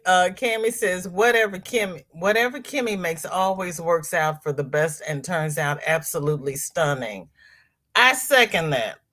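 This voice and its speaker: At home, a middle-aged woman runs a relaxed livestream, reading her viewers' chat aloud in a chatty way, exclaiming and laughing as she goes. Her pitch is fairly low and her tone fairly bright.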